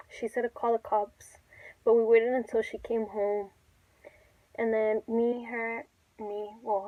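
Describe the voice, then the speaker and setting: A woman's voice: mid-range voice, darkish tone, no room sound, rough recording. A young woman telling a casual, chatty storytime, swearing freely as she recounts events. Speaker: YouTuber.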